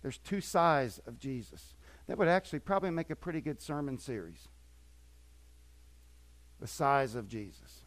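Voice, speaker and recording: An older man preaching a sermon as pastor, swinging between quiet asides and emphatic, repetitive points. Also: medium pitch, lively intonation, normal speed, pauses often.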